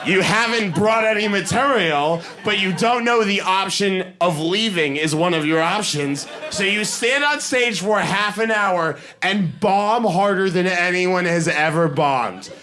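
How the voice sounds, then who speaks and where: A man's voice: high-pitched, measured pace, hardly any pauses. A young adult man from Boston with a Boston accent doing a stand-up comedy set, telling stories animatedly on stage and acting out other people's lines. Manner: animated storytelling, acting out voices. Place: comedy stage before a live audience.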